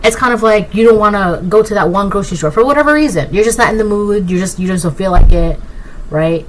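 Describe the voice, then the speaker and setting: A woman giving a casual collective tarot reading, rambling and excitable, often tagging her points with "right?". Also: mid-range voice, fast, slight background noise, poor audio. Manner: keeps asking "right?". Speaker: tarot reader.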